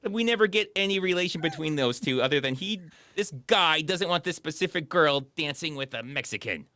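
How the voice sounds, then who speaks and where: A man talks through movies in a relaxed, rambling way, with plenty of ums and likes. His voice is bright and swings widely in pitch. The sound is dry and close to the mic. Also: a little fast, no room sound. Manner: animated, rambling, frequent fillers. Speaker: podcast co-host. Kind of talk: casual chat.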